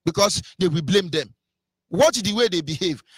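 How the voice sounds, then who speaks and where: A man's voice: high-pitched, expressive, moderate pace, slightly rough, dry recording, studio quality. A man with a Nigerian accent giving an impassioned live radio monologue, scornful and mocking, slipping into Igbo phrases. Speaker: radio broadcaster.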